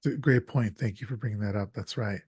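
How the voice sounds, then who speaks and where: Husky man casually recapping a film. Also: lowish voice, fast, a little mellow, dry recording, clean studio sound. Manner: conversational, stumbling restarts, jokey. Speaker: podcast host.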